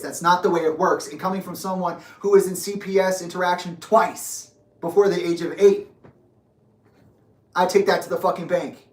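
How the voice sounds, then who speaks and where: Heard from a distance in an echoey room, a young man rants about his own story with bitterness, sarcasm and frequent profanity. His voice is high-pitched with little pitch movement, at a moderate pace.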